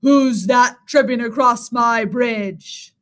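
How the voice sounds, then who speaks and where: A woman voicing a great big ugly male troll under a bridge in a storybook reading, with a low, gruff, threatening delivery. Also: slow. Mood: menacing.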